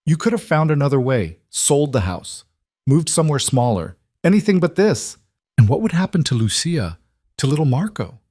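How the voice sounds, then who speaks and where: A man's voice: medium pitch, expressive, moderate pace, darkish tone, no room sound, clean studio sound, close to an everyday voice. A man voicing a young bride, bitter and pleading, her voice rising as she confronts her mother. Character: young bride, raw, angry and trapped woman.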